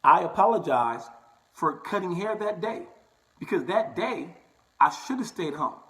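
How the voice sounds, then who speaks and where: A man's voice: high-pitched, animated, a little slow, fairly bright tone, low-quality recording. A young barber talking casually to his viewers, telling a personal story and checking in with "right?" and "okay?" as he goes. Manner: chatty, repeats "right?" and "okay?" often. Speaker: barber and vlogger.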